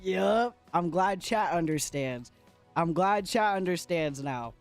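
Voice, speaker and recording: A man's voice: a little high, expressive, a little slow, clean tone, faint music behind. A man chatting playfully to his viewers while livestreaming a game, giggling often and talking to chat. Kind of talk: casual gaming livestream chat.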